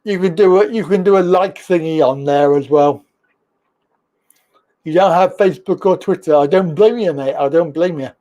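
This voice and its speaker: A man's voice: fairly high pitch, normal speed, warm tone, highs cut off. A man hosting a casual live-stream talk show, chatting loosely and greeting viewers from the chat as he reads their comments.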